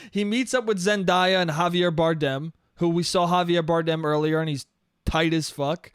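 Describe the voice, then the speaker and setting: A man's voice: a little high, a little slow, clear, resonant tone, dry recording, clean studio sound. A man hosting a solo comedy podcast, rambling and profane, often laughing at his own jokes. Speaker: podcast host.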